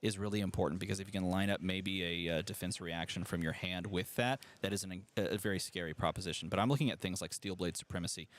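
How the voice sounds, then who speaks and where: A man's voice: sits low, quick pace, few pauses. A man doing live play-by-play commentary on a card game tournament, chatty and analytical, talking to the stream chat and laughing easily.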